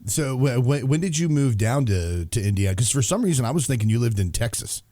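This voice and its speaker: A man's voice: medium pitch, lively intonation, brisk, dark tone, no room sound. A man co-hosting a podcast, chatting casually in a rambling, self-mocking way. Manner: rambling, self-mocking, puts on silly voices. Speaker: podcast co-host. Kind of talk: casual chat.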